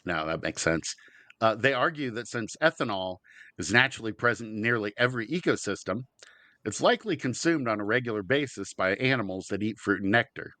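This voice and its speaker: A man's voice: lowish voice, animated, a little fast, bright, forceful tone, no echo. A man co-hosting a comedy podcast, reading out news stories and laughing easily. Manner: laughs easily, reads headlines aloud. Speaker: podcast co-host.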